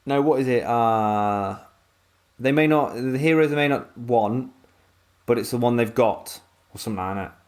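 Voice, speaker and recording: A man's voice: mid-range voice, normal speed, a little mellow, clear, resonant tone. A man co-hosting a podcast, chatting bluntly with plenty of swearing. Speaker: podcast co-host. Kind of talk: casual chat.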